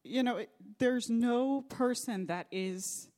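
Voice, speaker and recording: A woman's voice: fairly high pitch, slow, darkish tone. A middle-aged woman pastor preaching a sermon, telling a personal story in an earnest, faith-focused way.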